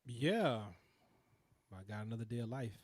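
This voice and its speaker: A man's voice: medium pitch, lively intonation, moderate pace, darkish tone, slight background noise. A man co-hosting a podcast, talking in a laid-back, slangy way about fighting and family. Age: adult father. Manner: laid-back, slangy, uses extended metaphors. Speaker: podcast co-host. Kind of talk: casual chat.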